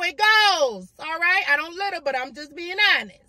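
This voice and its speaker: A woman's voice: extremely high pitch, lively intonation, normal speed, few pauses, sharp tone, no echo. A young woman, chatting sassily to viewers at home and calling them girl and baby. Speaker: fitness vlogger. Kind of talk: casual talking-head vlog.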